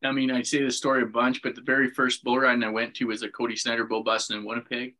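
A man in his thirties from Manitoba, a retiring bull rider and podcast guest, telling his story in a plain, modest, steady way. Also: medium pitch, fast, low-quality recording. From Manitoba, Canada.

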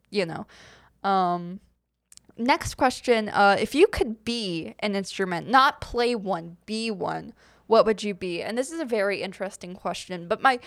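Young woman host, casual solo Q&A, chatty and rambling, smooth voice, dry room. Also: medium pitch, no room sound. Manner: rambling, giggly, lots of fillers. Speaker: podcast host.

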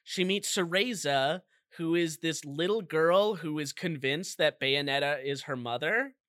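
A man with a bright, fairly high voice walks through a game's story at a slow, easy pace. He tells it like a relaxed storyteller and drops in jokey asides. The sound is dry and close. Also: no room sound. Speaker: podcast co-host. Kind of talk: casual chat, recapping a video game plot.

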